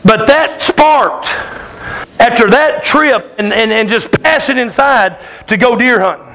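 A man's voice: very high voice, a little slow, bright, forceful tone, rough recording. A man preaching a sermon in a church, telling a folksy hunting story that keeps the congregation laughing. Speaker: pastor. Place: church sanctuary.

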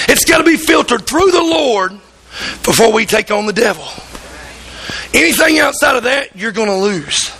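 Man, preacher, very high voice, bright husky tone, fervent sermon. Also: lively intonation, normal speed, low-quality recording. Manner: fervent preaching, acts out voices in quoted stories. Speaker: pastor. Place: church.

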